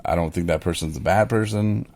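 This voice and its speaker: A man talks casually as a podcast co-host, his voice very low with a rough fry running through it. He rambles with plenty of "you know" and slips into voicing his own replies as he tells the story. The feel is easy, unscripted conversation. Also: fairly quick, a little mellow. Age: adult in recovery, speaking of early sobriety. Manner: conversational, with many fillers, acts out his own quoted replies. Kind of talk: casual chat.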